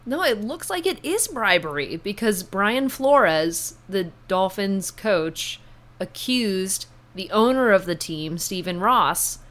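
Female co-host, mid-pitched, easygoing conversational delivery of sports headlines. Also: fairly bright tone. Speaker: co-host of a sports news show. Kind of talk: casual news chat.

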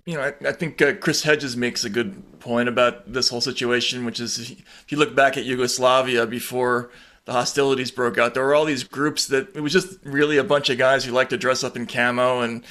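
Male host, monotone and measured, bright crisp voice. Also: mid-range voice. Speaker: podcast host. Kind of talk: casual political discussion.

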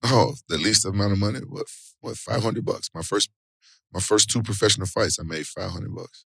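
A middle-aged man, an interview guest, telling stories in casual, slangy talk with animated exclamations. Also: on the low side, normal speed, vocal fry, slightly rough, no echo, clean studio sound. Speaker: interview guest, former fighter and actor.

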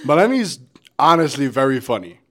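A man's voice: medium pitch, very animated, brisk. A man who produces and co-hosts a podcast, teasing his friends in playful casual chat.

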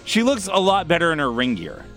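A man's voice: on the high side, very animated, fairly quick, a bit bright, faint music behind. A man co-hosting a casual chat, blunt and opinionated. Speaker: podcast co-host.

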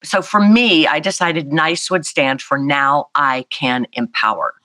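A woman, telling a personal story as an interview guest in a lively, animated way. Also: deep voice, a little slow, no echo. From South Carolina, US. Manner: animated, vivid storyteller acting out voices. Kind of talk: storytelling in a conversation.

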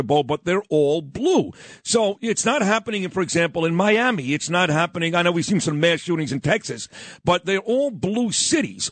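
Pushy talk-radio host, dry sound. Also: male voice, sits high, no echo.

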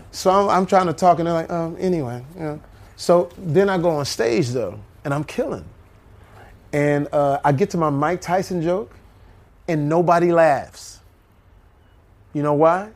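Animated man telling comedy stories. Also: on the high side, unhurried, pauses often. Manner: animated, fills stories with impressions. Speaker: comedian guest. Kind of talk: storytelling in a talk-show interview.

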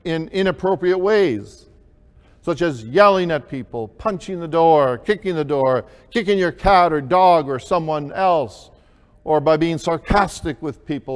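Slow-speaking preacher in a reverberant hall. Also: male voice, a little high. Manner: slow, deliberate preaching with emphatic rises. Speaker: pastor. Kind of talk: sermon.

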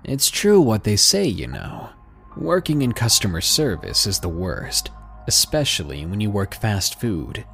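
A man reading out a submitted story as scripted narration, with a dry, sardonic manner. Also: medium pitch.

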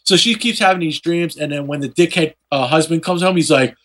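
A man casually retelling a comic book plot in a profane, animated way, slipping into quick voices for the characters. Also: fairly high pitch.

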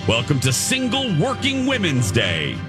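Guy hosting morning radio, jokey and animated, music playing under him. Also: on the high side. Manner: playful, jokey, drawn-out exclamations. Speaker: radio morning show host. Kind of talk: casual morning radio banter.

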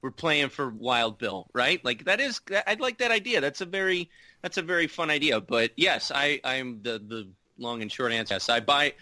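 A man talking hockey on a podcast in an easygoing, rambling way, full of restarts and filler words. His voice is bright and forward. The recording is dry and close. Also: on the high side, animated, normal speed, no echo. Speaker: podcast co-host. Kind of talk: casual sports chat.

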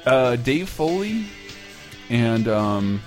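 A man's voice: medium pitch, extremely slow, soft background music. A man hosting a casual trivia game among friends, playful and telling anecdotes. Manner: animated, playful, storytelling. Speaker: trivia quizmaster.

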